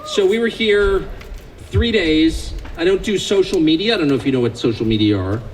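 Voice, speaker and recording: American guy giving a speech to a crowd, kinda high voice, dry jokey tone that keeps getting worked up. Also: lively intonation, fairly quick, rough recording. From United States. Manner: sardonic, joking, increasingly impassioned. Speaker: invited speaker. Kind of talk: public speech to a live audience.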